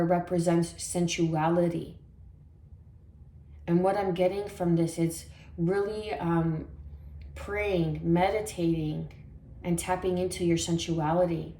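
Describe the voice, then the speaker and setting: A woman from Canada giving a spiritual tarot reading in a soft, meandering way, with many fillers and affirmations. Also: on the low side, roomy sound. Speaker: tarot reader.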